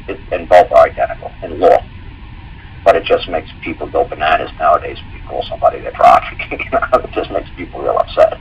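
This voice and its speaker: Deep husky-voiced man rambling on a call. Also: steady tone, fast, muffled recording. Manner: rambling, repeats himself, tells anecdotes with quoted dialogue. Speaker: guest speaker. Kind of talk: casual call-in explanation.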